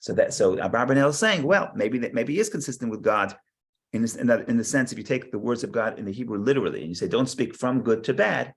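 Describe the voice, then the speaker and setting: A man's voice: mid-range voice, animated, fast, vocal fry. A man teaching a Torah study class, reading verses aloud and explaining them with frequent restarts and repeated words.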